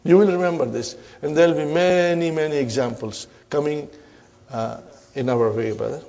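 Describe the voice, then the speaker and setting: A man teaches a grammar class in a somewhat high voice. He keeps firing questions at his students and tags his points with "huh?" to check that they follow. His explanations go step by step and return often to the same terms. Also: normal speed, vocal fry, warm tone. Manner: checks understanding with frequent "huh?" and "are you with me?"; drills students with repeated questions and term-by-term explanation.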